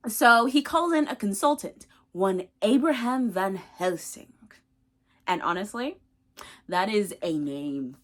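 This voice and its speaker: A woman's voice: medium pitch, animated, slow pace, fairly bright tone. Chatty rambling young woman. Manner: rambling, filler-heavy, chatty. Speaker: book reviewer. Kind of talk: casual book recap.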